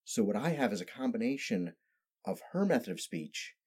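A man in his thirties tells stories as a podcast guest, in speech that is precise and carefully placed, with no regional accent. His voice is mellow and dark, pitched in an ordinary male range. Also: big pitch swings, moderate pace, slightly rough. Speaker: podcast guest, improv actor. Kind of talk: casual storytelling chat.

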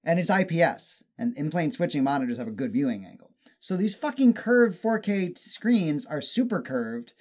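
A man's voice: a little high, expressive, normal speed, darkish tone. A young man co-hosting a casual chat, ranting and joking with lots of swearing. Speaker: podcast co-host.

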